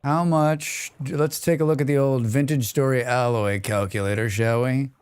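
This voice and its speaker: A man's voice: medium pitch, fairly even intonation, normal speed, darkish tone, clean tone, dry recording. A man streaming a survival game live, talking to himself in a casual, joking, grumbling way as he plays. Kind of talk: casual live gameplay commentary.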